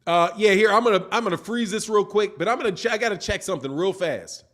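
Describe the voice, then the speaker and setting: High-voiced man arguing on a live stream. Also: fast talker. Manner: animated, argumentative, asks repeated rhetorical questions. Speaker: boxing channel host. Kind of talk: live-stream commentary, reading viewer chats.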